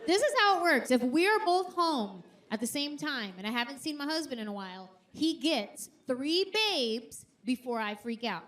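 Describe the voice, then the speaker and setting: A woman performing a stand-up comedy routine on stage, animated and acting out quotes in high voices. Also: moderate pace, hardly any pauses. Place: theater stage before a live audience.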